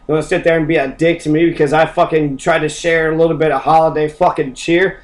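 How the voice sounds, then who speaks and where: A man's voice: fairly high pitch, level tone, quick pace, hardly any pauses, low-quality recording. A man ranting in a profane, mocking, combative monologue as a podcast host. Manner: heavy swearing, mocking and combative.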